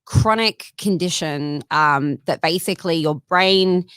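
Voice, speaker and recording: A woman's voice: on the low side, a little slow, a bit bright, clear, resonant tone, dry recording. A young woman guest talking casually in a studio interview, chatty with lots of fillers and laughs.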